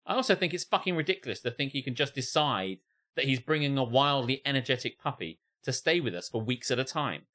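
Reading out an online post for laughs, this man co-hosting a comedy podcast jokes around with swearing, laughter and mock voices in an animated way. He has a medium pitch and talks fast.

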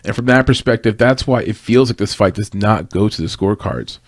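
A man's voice: on the low side, fairly quick, no room sound, studio quality. A man giving a casual, rambling breakdown of an upcoming fight, with restarts and tangents as he talks it through. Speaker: fight analyst.

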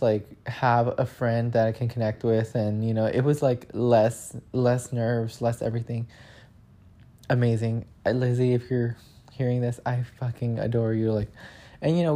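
A young man chatting casually in a vlog, telling a story with lots of filler words and acting out quotes in a higher voice. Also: warm tone. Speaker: vlogger.

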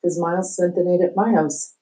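A woman reading aloud, voicing a calm, clever schoolboy who reasons things out. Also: lowish voice, brisk, close to an everyday voice, poor audio. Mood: reasoning. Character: clever polite schoolboy prankster.

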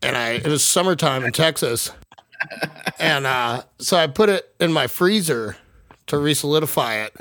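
A man's voice: fairly high pitch, expressive, normal speed, a bit bright, dry recording, clean studio sound. A young man on a podcast, chatting casually over a video call and telling stories while laughing and swearing. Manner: laughing storyteller, swears freely. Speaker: podcast host. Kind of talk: casual chat.

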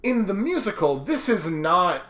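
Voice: mid-range voice, sing-song, a bit bright, reverberant. A podcast co-host in a casual film discussion who chats in detail and laughs easily. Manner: chatty, quick to laugh, explains in detail.

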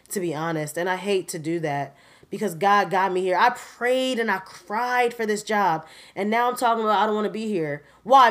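A woman in her twenties giving a candid, animated personal update on her podcast, laughing often and talking straight to her listeners. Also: a little high. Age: 20s. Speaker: podcast host.

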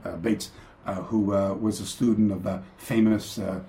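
A man with a lowish, steady voice and some vocal fry speaks at a normal pace, his mellow tone caught in an echoey room over a video call. He's a karate master guesting on a podcast, rambling through anecdotes in a remote interview, full of fillers, restarts and self-interruptions.

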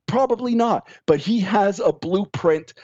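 A man's voice: sits high, animated, measured pace, a little mellow, dry recording. A man in casual podcast chat, ranting emphatically and mocking others' opinions in quoted voices. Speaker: podcast guest. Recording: dull, lo-fi sound.

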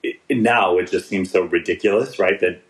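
A man's voice: low voice, moderate pace, low-quality recording. Joking, rambling man in his forties. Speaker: podcast co-host. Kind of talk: casual chat reviewing a TV episode.

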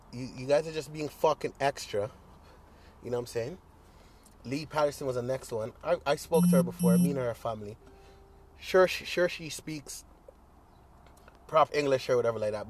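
This young podcast host talks through a casual solo monologue in a mid-range, darkish voice, with slight background noise behind him. He rambles and swears freely, full of fillers and restarts.

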